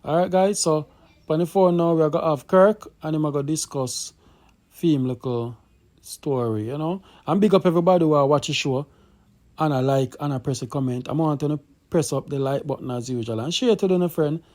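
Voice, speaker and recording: A Jamaican man hosting a casual call-in show, giving shout-outs and bringing the caller on in loose patois. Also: a little high, normal speed.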